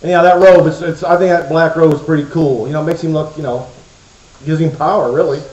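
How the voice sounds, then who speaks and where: A man's voice: a little high, fairly even intonation, quick pace, a little mellow, slight background noise. Playful man joking to kids in an echoey hall. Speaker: children's church presenter. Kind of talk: comic talk to a kids' audience. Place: church hall before a crowd of kids. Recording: echoey hall, muffled sound.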